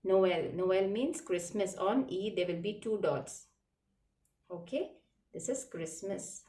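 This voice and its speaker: A woman's voice: mid-range voice, slow, warm tone, far from the mic. A woman teaching children a lesson in a patient classroom manner, repeating words and spelling them letter by letter. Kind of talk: slow classroom lesson explaining French words. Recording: roomy echo, voice from away from the mic.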